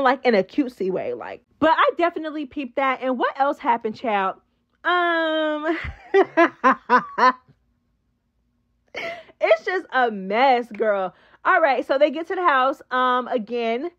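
A woman's voice: fairly high pitch, dull audio. A woman hosting a casual reality show recap, chatty and slangy, talking straight to her viewers. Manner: chatty, slangy, animated, addresses viewers as girl.

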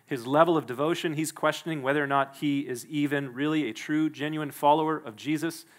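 A male pastor preaching a sermon in a church, emphatic and quick to act out the people he quotes. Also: on the high side, steady tone. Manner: emphatic, acts out the quoted speakers.

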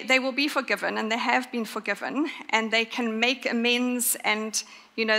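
A woman preaches a sermon with a bright, forceful voice set fairly high. She talks earnestly and leans hard on her key points, and her words ring out with the long echo of a church hall. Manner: earnest, emphatic, with pauses for stress.

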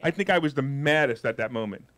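A man giving a live motivational money seminar, brash and jokey, with loud outbursts and quiet asides. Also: mid-range voice, expressive, quick pace. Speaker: seminar speaker.

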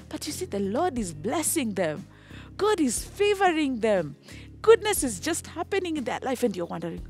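A woman teaching a children's Bible lesson, telling the story with lively animation, breaking into song and checking in with "okay?". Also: on the high side, normal speed, faint music behind. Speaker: Sunday school teacher.

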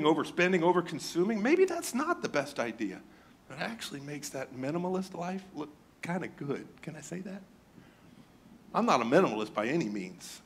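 Guy preaching, kinda high voice, jumps all over in pitch, jokes a lot and does little voices of the crowd. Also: husky. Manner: animated, joking, mimics his congregation in raised voice. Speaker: pastor. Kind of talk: sermon.

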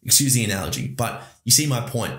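An Australian man hosts a podcast, delivering an enthusiastic, rambling motivational monologue to his listeners. His medium-pitched voice is very animated, fast and slightly bright, with a roomy echo around it.

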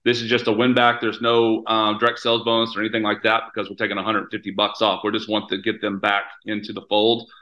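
A man's voice: lowish voice, monotone, fast talker, few pauses, pushed and bright, poor audio. A man from the United States hosting a company video call, upbeat and hyped, with lots of fillers and restarts. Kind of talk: casual webinar hosting.

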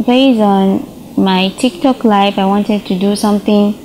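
A woman's voice: mid-range voice, steady tone, a little slow, warm tone, slight background noise, rough recording. Young Nigerian woman answering casually. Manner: casual, ends phrases with "yeah?". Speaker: interview guest, social media performer.

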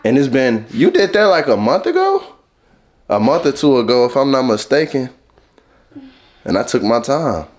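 A man's voice: medium pitch, very animated, moderate pace, pauses often. A young man, teasing and laughing in a casual prank vlog. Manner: playful, teasing, laughing often. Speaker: vlogger. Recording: echoey room with light noise.

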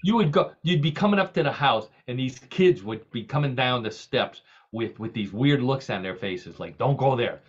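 A man's voice: mid-range voice, expressive, moderate pace, hardly any pauses, husky, highs cut off. A man hosting a podcast in casual, comedic chat, telling jokes and laughing often. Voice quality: jokey, laughs often, tells gags. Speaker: podcast host.

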